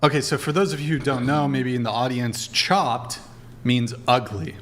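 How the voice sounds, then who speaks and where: Brisk male podcast host. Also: mid-range voice, fairly even intonation, fairly bright tone. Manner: directs the crew, quick and brisk. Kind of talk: casual podcast chat.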